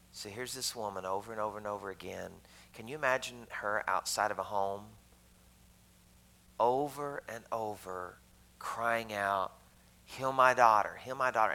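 A man delivers a sermon in a church sanctuary with a bright, forward voice. His tone is conversational and he drops joking asides to the congregation, turning to the crowd to keep them engaged. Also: medium pitch, rough recording. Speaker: pastor.

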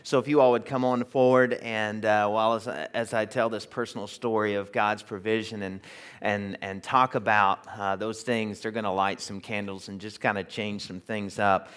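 A man preaching in a theater, telling a story in a chatty, animated way with many fillers before reading scripture aloud. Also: fairly low pitch, normal speed, clean tone. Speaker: pastor. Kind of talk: sermon with storytelling.

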